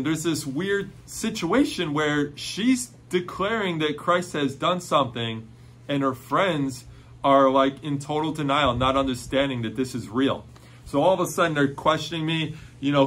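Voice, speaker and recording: A man telling a personal faith testimony in an excited, storytelling way, full of "like" fillers. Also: a little high, moderate pace.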